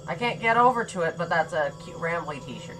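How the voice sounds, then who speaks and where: A young man with a high, nasal, nerdy voice giving rambly, jokey let's-play commentary on a game. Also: expressive, brisk, over music. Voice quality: high nasal nerdy voice, compared to a cartoon sponge. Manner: rambly, jokey, self-deprecating. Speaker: gaming commentator.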